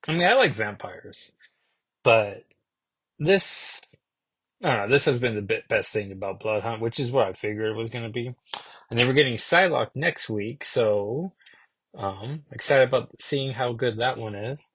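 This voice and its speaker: A man's voice: medium pitch, moderate pace, a bit bright, slightly rough, dry recording. A man giving a casual, rambling comic book review, full of fillers and self-corrections.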